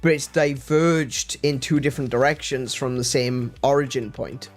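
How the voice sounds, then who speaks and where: A man hosting a casual livestream chat, animated and quick to laugh, with frequent restarts. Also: medium pitch, faint music behind. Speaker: streamer host.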